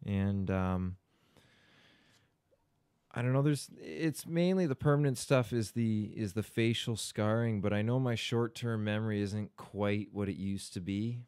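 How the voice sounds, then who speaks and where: Young man, low pitch, smooth clear tone, talkative, profane, casual podcast guest. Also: unhurried, a little mellow. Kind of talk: casual chat.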